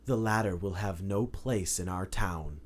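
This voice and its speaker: A man voicing a gentle, serene priestess who proclaims slowly and solemnly in a soothing tone. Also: low-pitched, pitched below the performer's own voice. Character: gentle, serene white-robed priestess, adult woman. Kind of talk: tabletop game narration.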